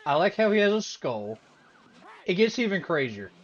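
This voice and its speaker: A woman hosting a reaction video, giving animated, incredulous commentary. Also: on the low side, normal speed, highs cut off. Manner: animated, incredulous, breaks into laughter.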